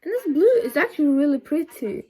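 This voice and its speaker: A young woman vlogging a casual makeup tutorial at home, rambling and chatty with lots of ums and side remarks, recorded on a phone camera set low. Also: very animated, fairly quick, mellow.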